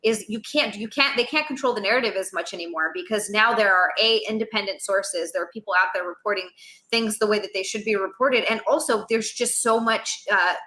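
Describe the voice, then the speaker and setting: A woman's voice: mid-range voice, brisk, bright, forceful tone, reverberant. A young woman co-hosting a casual political livestream, blunt and profane, mostly agreeing. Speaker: livestream co-host.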